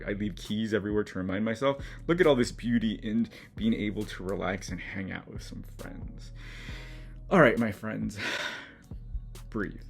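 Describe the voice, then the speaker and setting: A middle-aged channel host with a lowish, creaky voice shares his collage work in a casual studio vlog to camera. He keeps it chatty and encouraging and is easily moved while describing what he's made.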